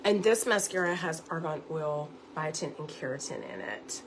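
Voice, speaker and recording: A woman's voice: low voice, lively intonation, moderate pace, few pauses, slight background noise. A woman giving a chatty live makeup tutorial at home, talking viewers through each step. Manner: chatty, instructive, addresses viewers directly. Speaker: makeup seller and beauty teacher.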